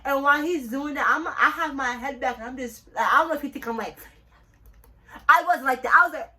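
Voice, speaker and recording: A young woman from New City, telling a story in a casual, animated and profane way. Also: fairly high pitch, quick pace, recorded from a distance. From New York City. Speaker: storytime vlogger.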